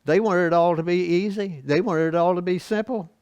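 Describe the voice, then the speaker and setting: This man's voice sits high and moves fairly quickly, with a darkish, smooth tone; the sound is lo-fi with no room ambience. Leading a church Bible lesson, he reads scripture and unpacks it folksily, chuckling and throwing rhetorical questions at the class.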